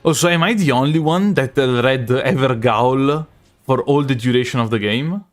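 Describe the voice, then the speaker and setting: A man's voice: mid-range voice, normal speed. A young Italian man with a strong Italian accent, chatting loosely while he plays a live game and answers his chat, often restarting his sentences. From Italy. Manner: rambling, self-correcting, chatty with chat. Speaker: streamer. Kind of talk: live gameplay commentary.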